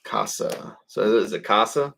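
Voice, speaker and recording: A man's voice: on the low side, moderate pace, a little hiss or hum. A man hosting a live trading-card break, calling out each pull in a casual, rambling way, with the odd curse and chuckle. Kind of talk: live card-opening commentary.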